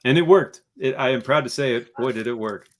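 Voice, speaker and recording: A man's voice: mid-range voice, fairly quick. A man from Kentucky in casual chat, correcting himself with dry humor.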